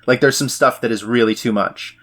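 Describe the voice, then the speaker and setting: A man co-hosting a podcast, talking in a relaxed, reflective way about comedy tastes. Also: medium pitch, fairly quick, slight background noise. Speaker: podcast co-host. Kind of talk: casual chat.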